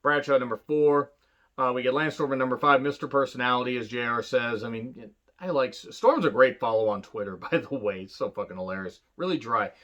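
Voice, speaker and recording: A man talks through an old wrestling event in a loose, rambling monologue, peppered with swearing and filler words. His voice sits at an ordinary pitch for a man. The recording has a dull, lo-fi quality. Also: fairly quick, fairly bright tone. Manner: rambling, profane, lots of fillers and asides. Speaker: wrestling reviewer. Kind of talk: casual retro review monologue.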